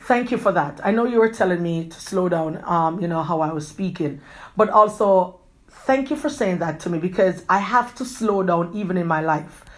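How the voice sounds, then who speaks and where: A woman hosting a podcast, giving an earnest, rambling motivational talk, repeating herself often and talking quickly. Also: on the low side. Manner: quick talker who gestures a lot. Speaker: podcast host.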